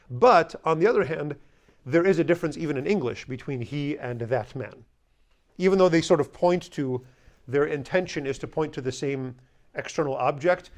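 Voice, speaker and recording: Man teaching a language class. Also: fairly high pitch. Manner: explanatory, conversational, repeats Chaldean words slowly. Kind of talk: classroom lesson.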